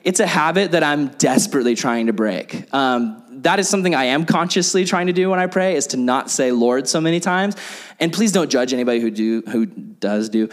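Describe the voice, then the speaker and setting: A man's voice: mid-range voice, expressive, a little fast. A young man giving a casual, chatty sermon, full of fillers and playful acted-out prayers. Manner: chatty, filler-heavy, acts out prayers in silly voices. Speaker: preacher.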